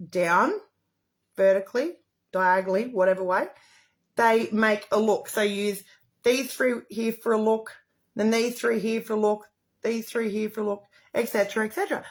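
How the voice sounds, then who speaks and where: Chatty woman doing a makeup livestream. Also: medium pitch. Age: middle-aged. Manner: chatty, rambling, effusive.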